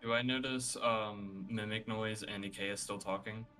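Calm, low-voiced male player. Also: moderate pace, faint music behind. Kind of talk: casual tabletop play.

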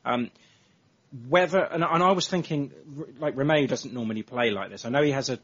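Husky hesitant English podcast host. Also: male voice, medium pitch, a little fast. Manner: hesitant, repeats words, thinks aloud. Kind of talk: casual football podcast chat. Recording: dull lo-fi audio.

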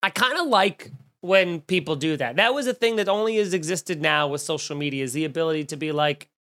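A man's voice: a little high, fairly quick, sharp tone. A man hosting a comedy podcast, ranting in a sarcastic, crude, mock-outraged way. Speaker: podcast host.

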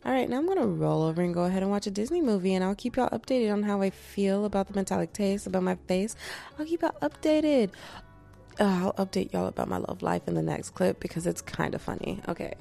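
A tired woman in her twenties hosts a casual, chatty podcast while lying in bed indoors, talking loosely and profanely and slipping into voices when she quotes people. She speaks fast at a medium pitch with vocal fry, few pauses, and a warm tone over soft background music.

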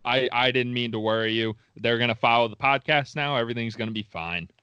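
A man's voice: mid-range voice, fairly quick, sharp tone, clear, resonant tone, no room sound, muffled recording. A man co-hosting a podcast in casual chat, reacting with joking disbelief and laughing. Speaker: podcast co-host.

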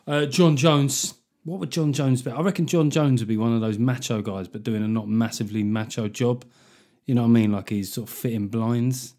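A man hosting a comedy podcast, riffing jokily with quick asides. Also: mid-range voice, warm tone. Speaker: podcast host. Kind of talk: casual comic podcast chat.

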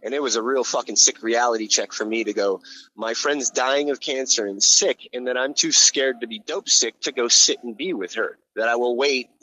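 A man's voice: medium pitch, moderate pace, pushed and bright, lo-fi sound. A man telling his story on a podcast in a casual, blunt way, swearing a lot and restarting his sentences. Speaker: podcast guest.

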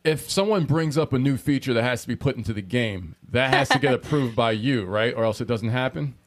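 A man's voice: mid-range voice, fairly quick. A man hosting a video game podcast in a casual, eager, talkative way. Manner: eager, talkative, self-correcting. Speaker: podcast host.

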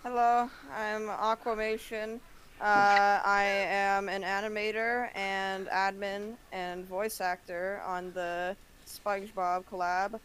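A woman's voice: medium pitch, level tone, slow, a bit bright, a little hiss or hum. A woman guest in a casual group chat, shy and hesitant as she introduces herself. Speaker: animator and voice actor guest.

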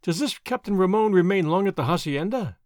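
A man's voice: high voice, animated, brisk, darkish tone, dry recording, clean studio sound. A man reading aloud as a languid, mocking young Spanish nobleman, in an old adventure storybook, with a drawling, idle delivery.

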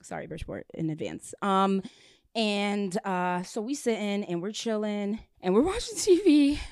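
A woman's voice: medium pitch, expressive, moderate pace, darkish tone, smooth. A young woman, a resident assistant, telling a rambling story in casual podcast chat, breaking off into asides. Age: young adult.

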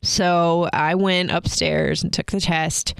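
Candid young woman with a creaky voice. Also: fairly low pitch, fairly even intonation, slow pace, dry recording, clean studio sound. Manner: candid, many filler likes, laughs while telling. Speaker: podcast co-host. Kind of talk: personal storytelling on a podcast.

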